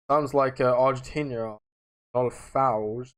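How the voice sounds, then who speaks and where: A young man hosting a casual livestream, chatting to viewers in a rambling, slangy way that jumps between loud outbursts and low mutters. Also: level tone, moderate pace, smooth.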